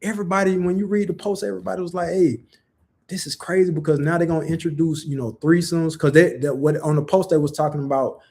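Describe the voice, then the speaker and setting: A man's voice: a little high, fairly even intonation, fast talker, hardly any pauses, a little mellow. A young man giving a casual religious commentary, talking conversationally with many rhetorical questions and "you know" fillers. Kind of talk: casual preaching monologue.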